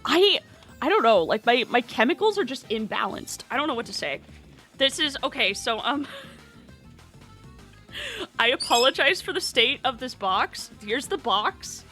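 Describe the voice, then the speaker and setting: A woman streamer chatting casually and with animation, slipping into high baby talk with her pet bird. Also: sing-song, unhurried, pushed and bright, faint music behind.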